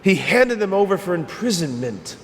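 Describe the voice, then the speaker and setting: A man preaching a homily in a slightly high voice, casual and emphatic, driving his points home by saying them twice. His words ring out with a long church reverb, and a faint low rumble runs underneath. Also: very animated, normal speed. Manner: conversational, emphatic, repeats phrases. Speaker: priest.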